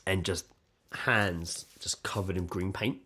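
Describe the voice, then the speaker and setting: A man's voice: low-pitched, steady tone, slow pace, bright, forceful tone, breathy edge. A man co-hosting a podcast, telling rambling stories in casual chat and swearing freely. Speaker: podcast co-host.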